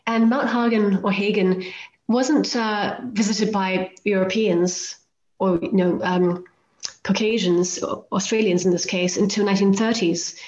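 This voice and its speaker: A guest author and volcano climber tells anecdotes in a podcast interview, her medium-pitched voice steady, unhurried, and a little mellow. Chatty and self-deprecating, she acts out quoted lines, and the roomy, slightly dull remote audio suggests a roomy space.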